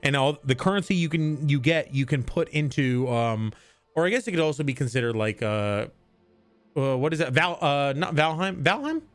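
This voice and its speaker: A man's voice: a little high, lively intonation, normal speed, faint music behind. A man, a voice actor, chatting casually on a stream while tipsy, rambling and correcting himself as he rants. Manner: rambling, self-correcting, mid-rant. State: tipsy from drinking.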